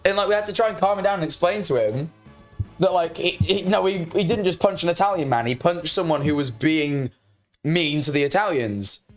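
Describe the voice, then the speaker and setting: A young man telling a story loudly and excitedly as the host of a casual stream, swearing freely. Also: a little high, brisk, soft background music. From United Kingdom. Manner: loud, animated storyteller who swears freely. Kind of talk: casual chat.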